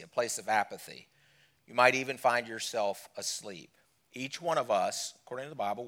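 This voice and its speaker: A middle-aged man preaching a sermon as a guest speaker, fast-talking and folksy. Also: medium pitch, a bit bright. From Alabama.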